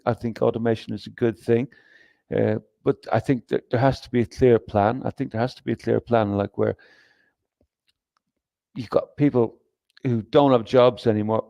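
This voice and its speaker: A man's voice: medium pitch, creaky, warm tone, no room sound. A man hosting a livestream, talking in a rambling, profane, emphatic way with frequent restarts and reading comments from chat. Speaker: livestream host.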